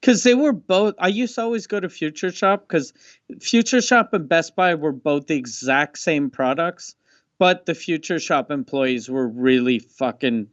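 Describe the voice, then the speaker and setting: A man on a casual comedy podcast telling a halting, exasperated story with many pauses and swearing, heard through a dull, dry mic. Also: fairly high pitch, no room sound. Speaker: podcast co-host.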